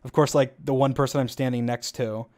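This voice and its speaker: A man casually commentating over his own gameplay footage, rambling fast with lots of fillers and frequent laughs. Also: mid-range voice, steady tone, a little mellow.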